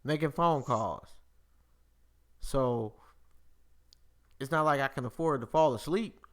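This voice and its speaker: A man's voice: mid-range voice, takes it slowly. A man hosting a live-streamed podcast, chatting casually with lots of swearing and laughter. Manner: profane, animated, laughs often. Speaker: podcast host.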